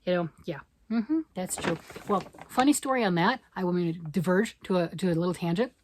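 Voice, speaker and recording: A woman from Michigan, a yarn vlogger chatting excitedly and fast to camera, rambling off on tangents. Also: fairly low pitch, a little hiss or hum. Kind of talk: casual chat to camera.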